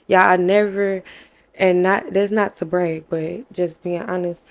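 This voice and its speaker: A woman's voice: fairly low pitch, steady tone, measured pace, vocal fry. A young woman, candidly telling a personal story to her viewers, calling them y'all and acting out what people said to her. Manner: conversational, addresses viewers as y'all, acts out quoted dialogue. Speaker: faith vlogger.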